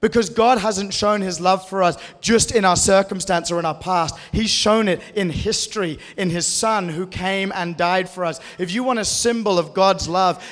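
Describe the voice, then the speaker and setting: A man's voice: high voice, a bit bright. A male preacher giving an earnest, reassuring sermon in a conversational way to a church audience. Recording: echoey hall.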